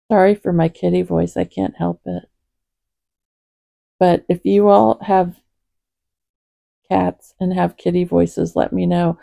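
A woman hosting a Bible reading for her cats, praying and chatting in a gentle, soft-spoken, rambling way at home. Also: fairly low pitch, level tone, takes it slowly, gravelly, pauses often, no echo. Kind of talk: prayer and casual chat to camera.

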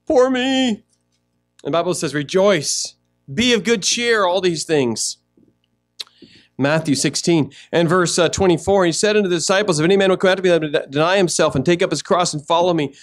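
Male pastor, high voice, animated sermon delivery with acted-out asides, faint music underneath. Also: fairly quick. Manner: animated preaching, acts out little scenes. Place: church sanctuary.

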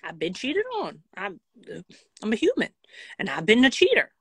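A woman telling a casual storytime vlog in a blunt, profane and animated way. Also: medium pitch, normal speed, husky, dry recording. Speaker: vlogger.

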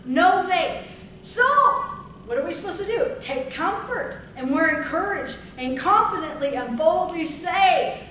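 A woman preacher delivering a fervent sermon, stretching out scripture lines with emphatic, drawn-out delivery. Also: very high voice, expressive, fairly bright tone. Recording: echoey room from far off, noisy.

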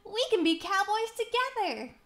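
A woman voicing an eager, excitable young cowboy man in a storybook reading, with a high, exclaiming voice. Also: measured pace, exaggerated voice. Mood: excited.

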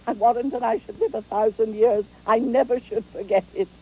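A woman's voice: on the high side, fairly quick, warm tone, slightly rough, low-quality recording. An actress playing a garrulous, fond old female nurse in a theatrical Shakespeare performance, rambling and chuckling as she talks. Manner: rambling, chuckling, swooping delivery.

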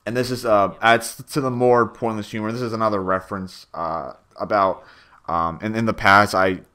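A man's voice: fairly low pitch, steady tone, normal speed, pushed and bright, clean tone. A young man giving a rambling, stammering director's commentary on his own machinima, full of fillers and swearing.

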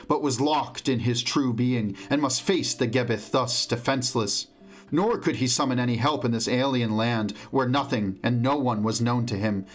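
A man narrating a fantasy novel as an audiobook reader, measured and slowing down for tense moments, on an omnidirectional mic. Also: mid-range voice.

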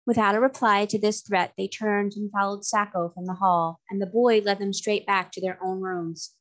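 A woman tutor reading a storybook chapter aloud in a clear, measured way. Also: medium pitch, steady tone.

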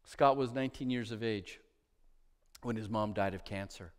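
A male pastor preaching a sermon in a church, moving between emphatic, loud declarations and hushed, soft phrases as he tells a story in repeated lists. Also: on the low side, normal speed. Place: church sanctuary.

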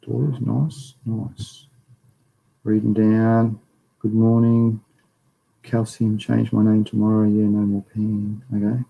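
Gravelly Australian man lecturing. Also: lowish voice, completely flat delivery, takes it slowly, dull audio. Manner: rambling, chatty, reads chat aloud. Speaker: livestream lecturer. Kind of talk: casual livestream lecture.

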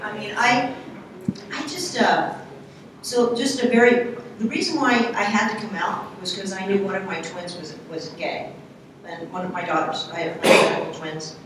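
A middle-aged woman speaking on a panel, telling a personal story in a candid, halting, soft-spoken way. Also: mid-range voice, background noise. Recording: echoey hall from far off.

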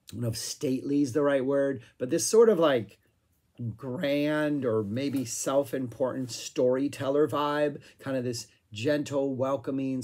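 A man casually talking through his favorite songs, with frequent fillers and a voice that is going hoarse. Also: medium pitch, darkish tone. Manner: rambling, filler-heavy, hums guitar riffs. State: losing his voice, clearing throat. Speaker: music review vlogger. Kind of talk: casual chat.

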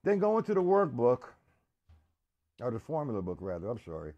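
A man's voice: mid-range voice, wildly swooping pitch, muffled recording. Casual man teaching drums on a stream. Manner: casual, talks to chat viewers by name; halting, restarts and fillers. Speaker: drum teacher. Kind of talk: live-streamed drum lesson. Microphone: computer or camera mic on a live stream.

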